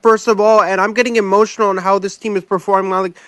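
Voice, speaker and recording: A man's voice: high-pitched, level tone, fast talker, fairly bright tone, clear, resonant tone, no room sound. A man on a sports talk stream, speaking as a heartbroken fan, pleading and rambling. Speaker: fan panelist.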